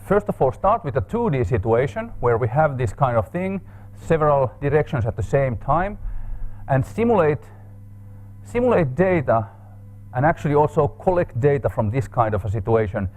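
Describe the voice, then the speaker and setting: A man's voice: mid-range voice, very animated, moderate pace, darkish tone. A man giving an academic seminar talk in a seminar room, explaining with frequent fillers and restarts. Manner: hesitant, thinking aloud with fillers. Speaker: seminar speaker. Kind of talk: academic lecture.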